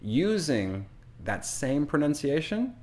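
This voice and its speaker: A man who teaches English, telling a story slowly and deliberately as a lesson and acting out the quotes. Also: on the high side, sing-song, darkish tone. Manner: slow, deliberate, acts out quotes.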